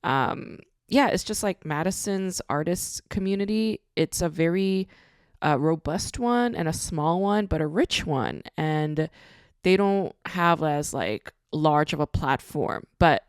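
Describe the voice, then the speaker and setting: A woman's voice: deep voice, animated, takes it slowly, clean tone, no echo, clean studio sound. A woman hosting a podcast, talking casually in a blunt, ranting way and swearing freely. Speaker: podcast host. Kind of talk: casual monologue.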